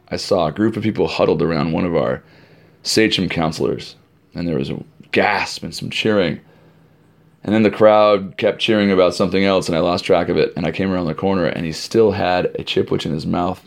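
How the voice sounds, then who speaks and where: A middle-aged man, a camp director, telling stories for an informal podcast in an animated way. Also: low-pitched, gravelly. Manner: animated storyteller, acting out crowd shouts.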